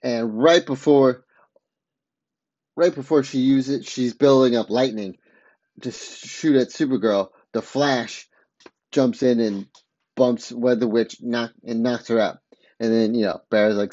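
A man talks through a story in an unhurried, drawn-out way, circling back and fixing his own words as he goes. The sound is dull and lo-fi, and the room is completely dry. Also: mid-range voice, dark tone, no echo. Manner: rambling, often stops to correct himself mid-sentence. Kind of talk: casual spoken recap.

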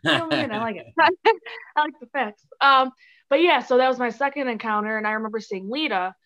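Brisk and high-pitched with a slightly bright tone, a Chicago-area woman from the USA guests on a podcast in a casual interview chat, using lots of fillers and giggling often.

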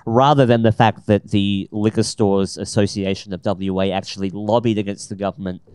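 A man's voice: fairly low pitch, steady tone, a little mellow, smooth. A man, co-hosting a casual podcast and giving his opinions with emphasis. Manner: emphatic, quick to agree, repeats words when starting. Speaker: podcast co-host.

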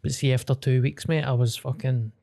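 A Scottish man telling stories frankly in a relaxed podcast chat, with a warm, mellow voice. He swears casually as he talks. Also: mid-range voice, fairly quick, vocal fry. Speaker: podcast co-host.

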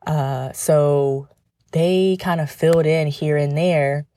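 A woman's voice: low-pitched, fairly even intonation, slow pace, dark tone, dry recording. A woman hosting a podcast, a former professional cheerleader talking casually and chattily, speaking right to the listener. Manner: chatty, addressing the listener directly.

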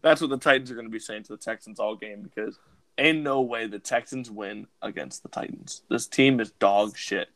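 A man's voice: on the low side, normal speed, a bit bright, no echo. A man co-hosting a casual sports podcast, joking and emphatic as he makes his picks. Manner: joking, emphatic, trash-talking. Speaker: podcast co-host.

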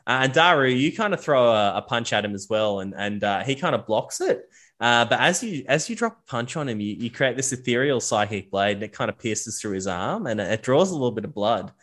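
A man running a tabletop game, narrating the scene with lots of uhs and restarts. His voice sits at an ordinary middle pitch. Casual and loose in delivery. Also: animated, a little fast, a bit bright. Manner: hesitant, many fillers and restarts. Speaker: game master.

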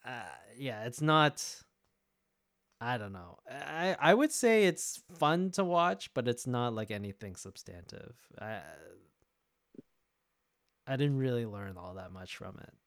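A man's voice: mid-range voice, animated, slow, fairly bright tone, no echo, studio quality. A man co-hosting a music podcast in casual chat, rambling with many fillers and self-interrupting asides. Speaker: podcast co-host.

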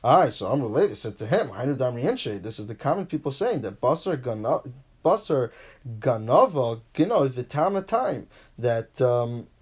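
A man teaching a Talmud class, reading each line and paraphrasing it in English, animated, with frequent restarts. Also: normal speed, slightly rough. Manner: animated, pitch jumps for emphasis.

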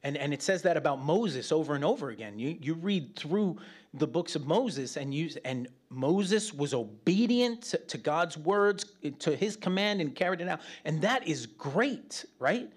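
A man preaching a conversational Bible teaching, animated and chatty, with joking asides to the room. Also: on the high side, unhurried.

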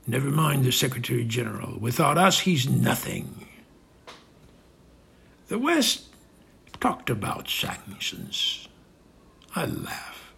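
A gravelly, husky-voiced strongman dictator, as a man puts him on gloats in a satirical monologue. He boasts and sneers, often sinking into a rasping whisper. His voice is rough and breathy all through. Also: medium pitch, fairly bright tone, heavily acted. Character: gloating ruthless male strongman leader, boastful.

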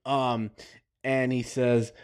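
Slow, rambling young male podcast host. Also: medium pitch, level tone, darkish tone, clear, resonant tone. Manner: rambling, many fillers and restarts, laughs at his own jokes. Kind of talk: casual episode recap.

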